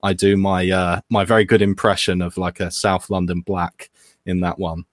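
A man speaking as a guest on a livestream panel chat, halting and repeating words as he goes. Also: low voice, level tone, dry recording, clean studio sound.

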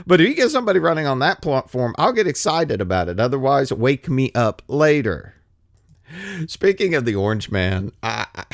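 Gravelly, animated sarcastic male commentator. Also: medium pitch, no echo, clean studio sound. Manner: rambling and sarcastic, laughs often. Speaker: political commentator. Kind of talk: casual political monologue.

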